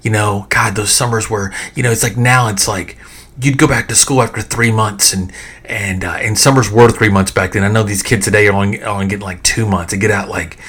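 A middle-aged man hosting a podcast, telling nostalgic stories in a rambling, animated way full of fillers and restarts. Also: fairly low pitch, fairly quick, husky. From American South. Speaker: podcast host. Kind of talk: casual nostalgic storytelling.

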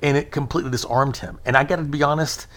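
A man's voice: a little high, fast talker. A man in his thirties telling a long, rambling story in casual conversation, acting out the voices of the people in it. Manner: animated, rambling anecdote with acted-out quotes.

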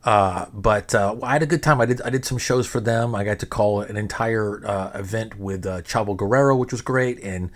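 A middle-aged man talks to his podcast listeners in a loose, rambling monologue, his voice sitting a little low. He swears casually and keeps restarting sentences as he goes. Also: moderate pace, few pauses. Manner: rambling, profane, frequent restarts. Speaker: podcast host.

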